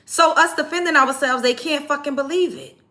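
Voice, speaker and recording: A woman with a bright, forceful, somewhat high voice hosts a livestream and talks straight to her viewers. She tells her stories in a heated, emphatic rant full of curses. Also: brisk. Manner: emphatic, profane, animated retelling. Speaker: livestream host. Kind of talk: heated storytelling rant to a live chat.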